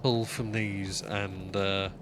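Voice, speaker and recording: A man's voice: low voice, level tone, slow, noisy background. A man streaming a game live, chatting casually while he plays. He rambles, swears freely and mocks himself.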